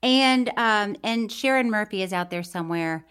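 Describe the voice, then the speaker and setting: A woman's voice: mid-range voice, moderate pace, a bit bright, clean tone. A woman co-hosting a podcast, chatting casually in a bubbly way and laughing often. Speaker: podcast co-host. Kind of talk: casual chat.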